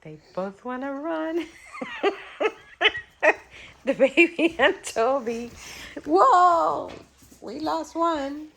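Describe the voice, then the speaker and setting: A woman's voice: high-pitched, expressive, slow, pauses often, a bit bright, a little hiss or hum, low-quality recording. A woman filming a casual home video on a handheld phone, coaxing her pets and a baby in sing-song baby talk. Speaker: family pet-monkey vlogger.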